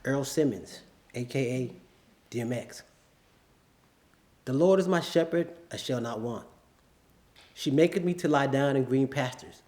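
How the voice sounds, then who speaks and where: A man's voice: medium pitch, a little slow, pauses often, darkish tone. A man performing a spoken word poem at an open mic, reciting in a solemn, rhythmic way. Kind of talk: spoken word poetry reading. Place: live venue before an audience.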